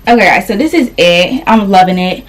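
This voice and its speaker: A young woman talking her viewers through a clothing haul in a loose, rambling way. She sounds slightly out of breath, and her voice sits at an ordinary middle pitch. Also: fairly quick, a little hiss or hum. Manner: chatty, rambling, addresses viewers as y'all. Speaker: vlogger.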